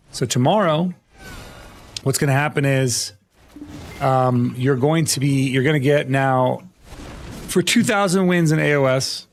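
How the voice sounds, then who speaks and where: A young man streaming live, chatting casually and rambling with lots of fillers, his throat scratchy and worn. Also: medium pitch.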